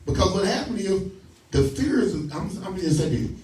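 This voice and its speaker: Recorded from afar with a roomy echo, a man with a high, expressive, darkish voice speaks at normal speed. He leads scripture study through emphatic call-and-response preaching, stopping the reader line by line to repeat and question, while sharing folksy, laugh-filled stories.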